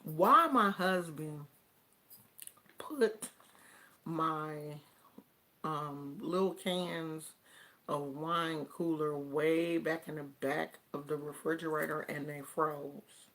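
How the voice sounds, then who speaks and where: A woman vlogger chats casually to camera and tells her stories in an animated, drawn-out way. She speaks at an unhurried pace in a fairly low voice.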